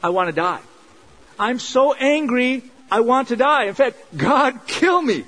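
A man's voice: normal speed, poor audio. A man voicing an angry, desperate male prophet who pleads with and scolds God. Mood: furious. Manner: pleading, indignant, rising in pitch.

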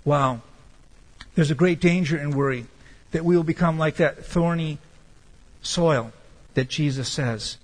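A man preaching a sermon as pastor, emphatic and slowing down to stress key words. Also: on the high side, long reverb tail, poor audio.

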